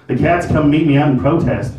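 A man doing a stand-up comedy set at a venue, telling a long story in an animated way and tossing in frequent "right?" asides. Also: on the high side, fairly quick. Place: comedy venue with live audience. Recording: roomy, from far off.

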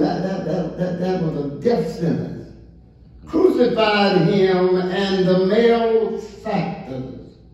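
A man preaching a sermon as pastor, drawing out his words and rising into excited calls to the congregation. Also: high-pitched, muffled recording. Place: church sanctuary. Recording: echoey church from far off.

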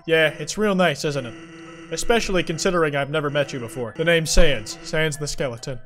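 A man's voice: on the high side, a little fast, a bit bright, soft background music, lightly acted. A man voicing a laid-back adult male skeleton with a lazy, joking drawl. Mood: easygoing.

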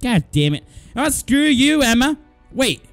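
A young man calls out a horror game as he plays it, loud and joking, with swearing and frequent laughter. His high voice jumps all over the place, and faint game music runs underneath. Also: big pitch swings, unhurried, vocal fry, no room sound. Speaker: gaming video host. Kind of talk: let's play commentary.

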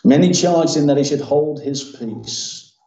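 High-voiced preacher in an echoey church. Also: male voice, unhurried, mellow. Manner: preaching with dramatized quotes and emphatic repetition. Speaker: pastor. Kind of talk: sermon. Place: church hall. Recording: roomy church sound from a distance, dull.

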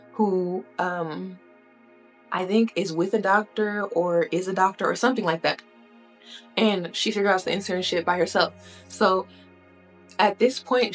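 A woman with a lowish voice tells a story in a loose, chatty way, tossing in "right?" and "you know" as she goes. Faint music plays underneath her. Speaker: commentary vlogger. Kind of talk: casual storytime retelling.

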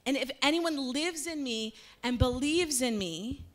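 Jesus as a calm, steady teacher, read out by a woman in her own fairly high voice. The tone is plain and unhurried, like a storyteller in a church retelling a familiar scene.

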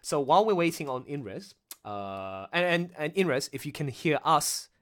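A man hosting a casual livestream chat with voice actors, excitable and rambling, laughing often. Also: fairly high pitch, unhurried. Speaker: livestream host.

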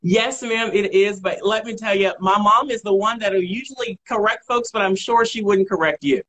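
A man's voice: high-pitched, normal speed, a bit bright, rough recording. Earnest man with a Virginia accent. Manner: polite, earnest, formal. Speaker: state executive director of an advocacy group. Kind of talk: guest on a live video chat.

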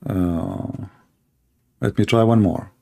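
A man's voice: fairly low pitch, slow pace, creaky, mellow. A middle-aged man who is a Christian apologist host. He gives heated, emphatic livestream commentary and repeats himself a lot. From Arab world.

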